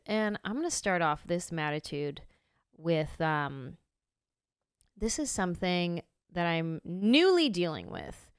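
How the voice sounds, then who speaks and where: A woman in her thirties hosting a podcast, telling a story in a casual, animated way and acting out her own reactions. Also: fairly low pitch, clear, resonant tone, dry recording, studio quality. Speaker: podcast host.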